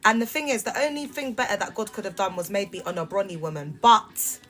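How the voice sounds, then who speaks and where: A woman's voice: medium pitch, expressive, a little fast, fairly bright tone. A woman, talking on a phone live stream and confronting her viewers in a sassy, heated way. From United Kingdom. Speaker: livestreamer. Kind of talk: casual live-stream rant.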